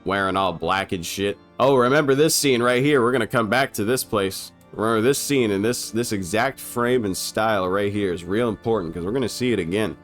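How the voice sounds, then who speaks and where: A man's voice: lowish voice, a little fast, few pauses, fairly bright tone, faint music behind. A young man giving casual, comedic commentary over an old film, irreverent and profane, laughing often.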